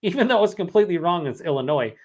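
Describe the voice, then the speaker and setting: A young man speaks fast in a high, slightly mellow voice with lively intonation while hosting a long live beer vlog. He rambles, swears often as he reads chat comments, and his voice is tired from hours of streaming.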